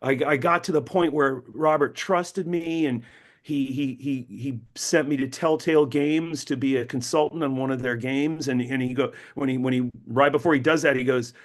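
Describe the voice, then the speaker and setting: A middle-aged man, a novelist being interviewed, telling stories animatedly, acting out quotes and often repeating words as he restarts. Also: moderate pace. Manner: animated, acts out quotes with big pitch jumps. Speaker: novelist guest.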